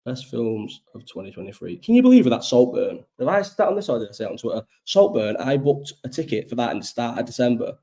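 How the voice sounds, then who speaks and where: A man's voice: mid-range voice, big pitch swings, fast, hardly any pauses, warm tone. A young man hosting a casual live chat, rambling and swearing freely, ill with a cough. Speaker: host.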